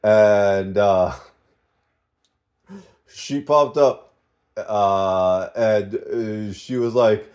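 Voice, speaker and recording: A sleep-deprived man in a casual vlog, talking in a halting, rambling way and short of breath. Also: on the low side, a little mellow. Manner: rambling, halting, with fillers and laughs. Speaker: vlogger.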